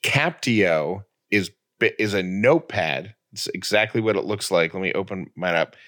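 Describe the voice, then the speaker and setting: Bright-voiced, dry-joking male co-host. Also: low-pitched, expressive, normal speed. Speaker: podcast co-host. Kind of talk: casual chat.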